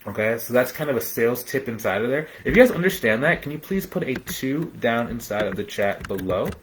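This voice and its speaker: A young man hosts a live business training in a loose, high-energy way, full of "man" and "dude". He slips into quick little voices to act out clients haggling. His pitch sits in a middle range for a man. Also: lively intonation, a little hiss or hum, rough recording. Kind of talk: live-streamed coaching talk.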